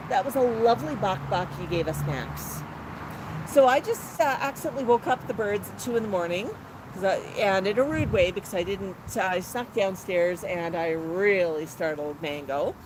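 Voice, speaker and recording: A woman host telling a rambling story casually on a phone live stream from an outdoor patio, with plenty of fillers. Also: medium pitch. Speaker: pet parrot channel host. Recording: noisy outdoor phone recording.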